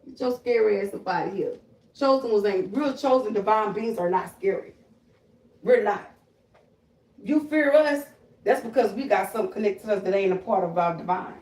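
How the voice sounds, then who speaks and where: A woman holds forth on a live stream in a blunt, profane rant, loud and combative. She sits back from the mic, and her voice rings in an echoey room. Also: medium pitch, normal speed. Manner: loud, confrontational, animated storytelling with shrieking imitations. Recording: roomy echo, voice a bit far from the mic.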